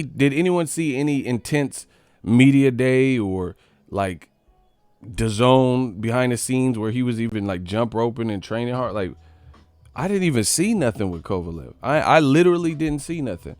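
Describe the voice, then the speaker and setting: A man's voice: mid-range voice, a little mellow, no room sound. A man hosting a boxing live stream, rambling in casual slang and laughing often as he talks to his chat. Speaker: boxing channel host.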